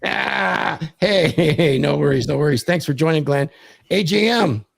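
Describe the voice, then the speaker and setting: A man's voice: a little high, expressive, moderate pace, creaky. A man hosting a livestream, joking, laughing and welcoming guests in casual chat. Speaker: livestream host.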